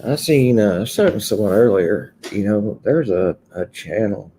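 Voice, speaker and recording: A man's voice: lowish voice, expressive, moderate pace, warm tone, slight background noise. A man hosting a casual livestream, chatting loosely and greeting viewers one by one from an indoor room. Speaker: livestream host. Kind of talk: casual live chat with viewers.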